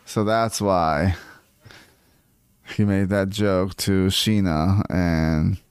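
A man co-hosting a podcast in casual chat, animated and swearing, mimicking people he talks about. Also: low-pitched, extremely slow, smooth, no echo. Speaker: podcast co-host.

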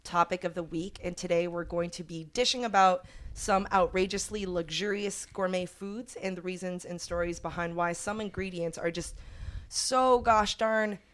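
A woman with a slightly low voice hosts a relaxed podcast conversation. She reads trivia answers and strange news items with playful, giggly energy, keeping things light for her co-hosts. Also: moderate pace. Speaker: podcast host. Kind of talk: casual chat.

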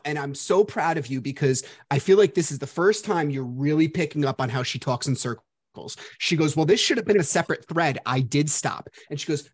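A man's voice: a little high, moderate pace. Guy hosting a podcast, swears a lot, bouncy voice, mocks people when he quotes them. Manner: profane, animated storytelling with mocking quotes. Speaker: podcast host. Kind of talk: casual podcast chat.

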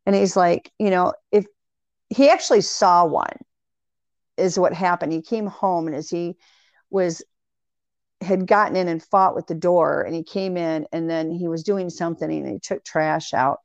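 A woman in casual conversation, telling long animated anecdotes full of quoted dialogue. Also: on the low side, moderate pace, no echo. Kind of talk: casual storytelling chat. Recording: dry, dull lo-fi sound.

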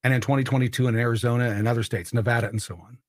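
A man's voice: mid-range voice, steady tone, racing, dry recording, clean studio sound. A man hosting his own podcast, delivering an emphatic political monologue and repeating points for emphasis. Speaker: podcast host.

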